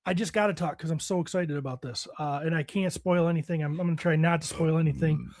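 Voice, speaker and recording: A man with a high-pitched voice chats casually as a podcast co-host. He gets excited and rambles, swearing freely. The sound is dry and close. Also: fast talker, dry recording. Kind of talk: casual chat.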